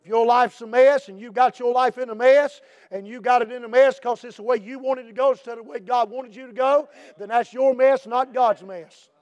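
A pastor with an unusually high voice delivers a sermon, driving his repeated refrains up into shouts and then easing back down. He is a middle-aged man preaching with fervent emphasis. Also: fairly even intonation, brisk, hardly any pauses.

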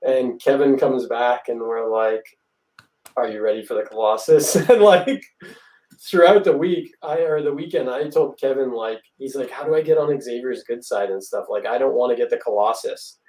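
Guest storyteller, male, mellow tone, recorded far off the mic in a roomy space. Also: medium pitch, lively intonation, moderate pace. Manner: rambling, laughs often, acts out quotes. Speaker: guest magician. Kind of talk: casual storytelling. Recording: echoey room, far from the mic.

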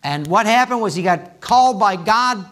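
A male pastor preaching a sermon in a church, swinging from hushed asides to loud, impassioned appeals. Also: high-pitched, animated, moderate pace. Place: church sanctuary.

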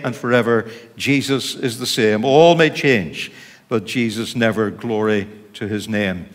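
Northern Irish pastor preaching in a church hall. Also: male voice, mid-range voice, a bit bright. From Northern Ireland. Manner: informal, chatty preaching with asides to the congregation. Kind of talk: sermon.

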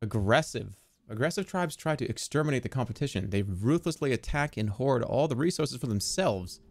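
A man streaming a strategy game, excitable and swearing, yelling commands at his units. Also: medium pitch, a little fast, gravelly, no room sound. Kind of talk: live gameplay commentary.

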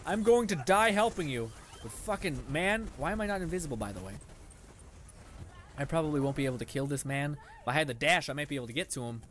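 A man's voice: on the high side, lively intonation, fast, a bit bright, slight background noise. Sarcastic young man cursing over gameplay. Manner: frustrated, sarcastic, swears often, laughs a lot. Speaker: gaming channel host. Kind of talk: live gameplay commentary.

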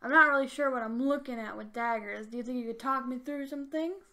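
A woman's voice: sits high, brisk, sharp tone. A woman playing a tabletop game, chatty and giggly, often restarting her sentences. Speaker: player.

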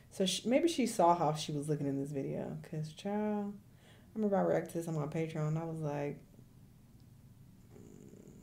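A woman with a notably low voice gives casual, wry reaction commentary and talks straight to her viewers. A faint hiss sits under her voice. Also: gravelly, mellow. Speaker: reaction video host.

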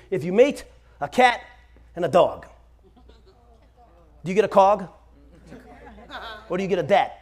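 A man's voice: sits high, very animated, a little slow, pauses often. A man in his forties preaching a sermon in a church, telling stories with humor and calling out "Amen?" to his congregation. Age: 40s. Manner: storytelling with humor, calls out "Amen?" to the room. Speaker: pastor. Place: church sanctuary.

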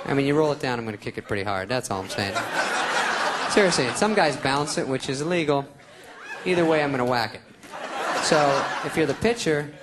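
A man's voice: mid-range voice, background noise. A man doing stand-up comedy on a theater stage, sarcastic and self-mocking. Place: theater stage before an audience. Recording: live concert recording with crowd. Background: audience laughter.

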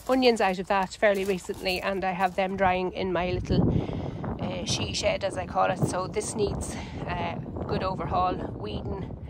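A woman's voice: mid-range voice, flat delivery, heavy background noise. Chatty Irish woman touring her garden. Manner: chatty and unhurried, with frequent ums and self-corrections. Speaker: home gardener and channel host. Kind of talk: casual garden walkthrough. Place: outdoors in a vegetable garden.

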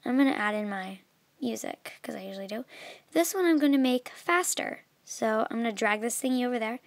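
A young woman explaining an app in a casual, chatty way, with many fillers and a voice that trails off softly. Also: fairly high pitch, brisk, gravelly, slight background noise. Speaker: video tutorial maker. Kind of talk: casual screen tutorial.

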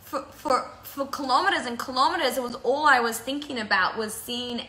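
Chatty woman with a bright, echoey voice. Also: high-pitched, brisk. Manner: emotional, laughing through tears, chatty. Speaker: break-up counsellor and channel host. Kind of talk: casual talk on a live video.

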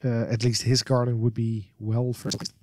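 A man's voice: medium pitch, level tone, moderate pace, darkish tone, no room sound, clean studio sound. A man hosting a casual let's play, chatting and reading along with lots of fillers and laughs. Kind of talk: casual game commentary and reading.

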